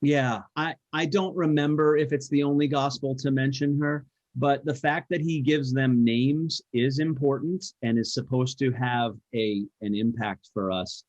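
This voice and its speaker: Bible study leader, male, measured and hedging, dull dry recording. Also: medium pitch, fairly even intonation, darkish tone, dry recording. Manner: thoughtful, hedging, frequent restarts. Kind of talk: group discussion teaching.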